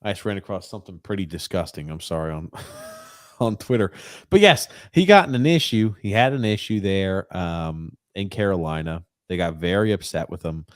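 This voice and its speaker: A man co-hosting a casual sports podcast, animated and profane, teasing his partner and reading out listener comments. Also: deep voice, moderate pace, no room sound, studio quality. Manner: animated, swings from loud excited jabs to mumbling while reading. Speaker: podcast co-host.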